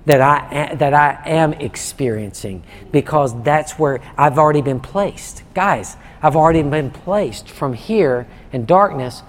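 A man preaching a sermon in a conversational way, often restarting and stammering, warming up as he goes. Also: a little high, measured pace, hardly any pauses. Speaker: pastor.

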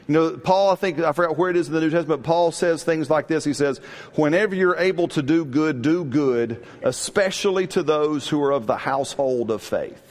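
A middle-aged man preaching a sermon in a lively, conversational way, often asking his congregation questions. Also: medium pitch, moderate pace. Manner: animated, call-and-response with congregation. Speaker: pastor.

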